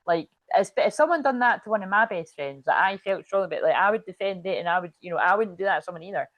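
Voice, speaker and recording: A woman's voice: medium pitch, fast, dry recording. A woman chatting casually on a livestream, rambling and swearing freely as she retells a story. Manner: chatty, swears freely, quotes others in a lively way. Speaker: spiritual reader and livestream host.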